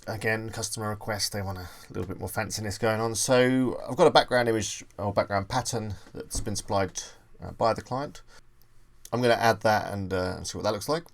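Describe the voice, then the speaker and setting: A man presenting a screen-recorded web design tutorial, casually thinking aloud as he clicks through each step. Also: on the low side. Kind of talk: screen-recorded software walkthrough.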